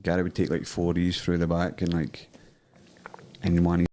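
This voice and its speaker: A man tells a loose, rambling story, with lots of "like". His voice sits very low. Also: completely flat delivery, moderate pace, a little mellow, slight background noise. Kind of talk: casual chat.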